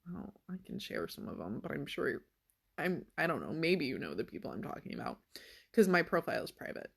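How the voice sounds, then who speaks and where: A woman's voice: deep voice, big pitch swings, brisk, creaky, a bit bright, slightly rough. A woman vlogging in a casual monologue, telling a story in a sarcastic, exasperated way.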